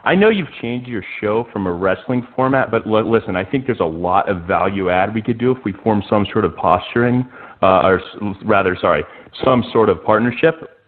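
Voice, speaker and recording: A man calling into a radio show, making a hesitant, salesy pitch. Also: expressive, normal speed. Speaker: caller. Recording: tinny phone line.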